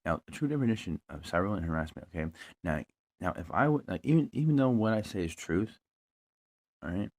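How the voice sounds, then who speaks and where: A man's voice: low voice, lively intonation, quick pace. A young man ranting bluntly and profanely into a broken phone mic in his living room. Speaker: vlogger. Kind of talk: angry ranting monologue. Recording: lo-fi phone recording.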